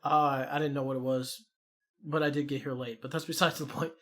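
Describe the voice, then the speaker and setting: A man's voice: mid-range voice, brisk. A young man with a Chicago accent, co-hosting a podcast and telling rambling, profane stories in a casual chat. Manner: rambling, profane, animated storyteller. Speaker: podcast co-host.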